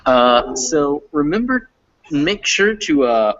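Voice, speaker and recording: A man's voice: on the high side, sing-song, slow pace, a bit bright. A man tutoring English pronunciation online, explaining patiently step by step. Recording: muffled lo-fi audio.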